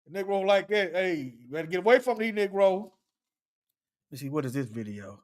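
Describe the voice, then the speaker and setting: A middle-aged commentary host who reacts to clips, mocks them loudly and laughs often. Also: medium pitch, big pitch swings, moderate pace. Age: middle-aged or older. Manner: mocking, loud, laughs often.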